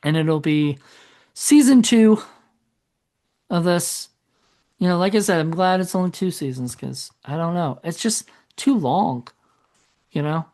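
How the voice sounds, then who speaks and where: A man's voice: fairly high pitch, a little mellow. A man co-hosting a podcast in casual chat, rambling and correcting himself as he goes. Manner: rambling, self-correcting, trails off. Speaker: podcast co-host.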